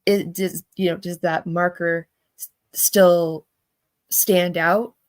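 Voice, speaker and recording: A woman hosting a commentary, explaining statement analysis in a halting, repetitive way. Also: lowish voice, fairly even intonation. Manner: halting, repeats words while explaining.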